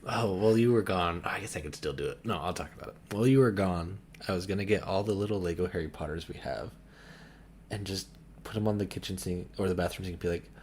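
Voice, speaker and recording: A young man with a deep, low-pitched voice chats casually as a podcast co-host. He is goofy and keeps cracking himself up. A faint hiss of room noise sits under the recording. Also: quick pace, darkish tone. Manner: goofy, laughs at his own jokes. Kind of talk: casual chat.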